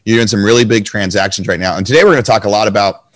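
Male podcast host, slightly hoarse, quick delivery, low voice, dry close sound. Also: a bit bright, dry recording. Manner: fast, enthusiastic questioning. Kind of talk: conversational interview.

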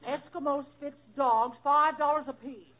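A woman's voice: sits high, steady tone, a little slow. An actress playing a fretful, folksy backwoods wife and mother in 1940s radio comedy acting. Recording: tinny old radio broadcast with audience.

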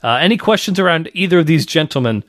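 A man hosting a casual podcast, chatty and relaxed, reading notes and bantering with his co-host. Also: a little high, fast talker, no room sound, clean studio sound.

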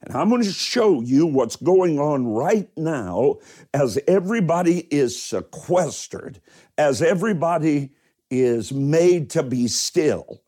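A man's voice: a little high, expressive, dark tone. A man preaching a livestreamed sermon as pastor, leaning on key words and greeting viewers by name. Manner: emphatic preaching, stretching key words slowly.

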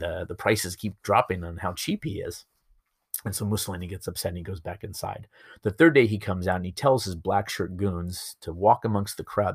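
A man teaching history over slides in a relaxed, storytelling way, with many fillers and asides. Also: low-pitched, slightly rough, dry recording, clean studio sound. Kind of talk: recorded lecture over slides.

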